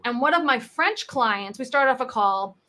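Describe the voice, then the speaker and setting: With a high-sitting voice and a normal speaking pace, this American woman in her thirties, a sales coach, shares stories in a podcast interview. She's animated and performs the voices of people she quotes.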